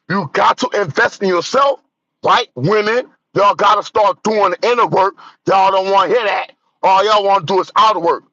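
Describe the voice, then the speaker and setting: A man's voice: on the high side, a bit bright, no echo, lo-fi sound. Preachy man ranting to his viewers. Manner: preachy, addresses viewers directly with repeated "right?" and "bro". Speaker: vlogger commenting on news. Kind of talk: casual live-stream commentary.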